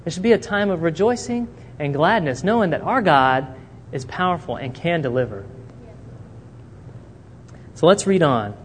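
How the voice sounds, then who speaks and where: With a somewhat high voice at a normal speed and long pauses, a man preaches a sermon, telling a Bible story in an animated way and acting out what the characters say. The hall gives a long reverb, and there's faint noise.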